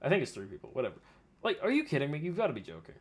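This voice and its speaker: A man's voice: fairly high pitch, huge pitch swings, racing, breathy edge. A man reacting to a video with exasperated, profane ranting commentary. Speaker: commentary streamer.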